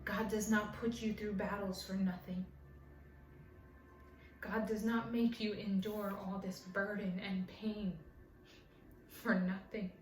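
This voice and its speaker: A woman's voice: mid-range voice, little pitch movement, takes it slowly, long pauses. Emotional woman giving a spiritual reading. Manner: emotional, heartfelt. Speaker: tarot reader. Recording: roomy, distant mic with faint ambience.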